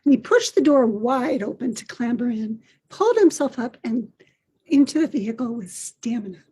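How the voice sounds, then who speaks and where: An older woman hosting a podcast, telling a personal story in a gentle, reflective way. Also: a little high, expressive, moderate pace, breathy edge. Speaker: podcast host.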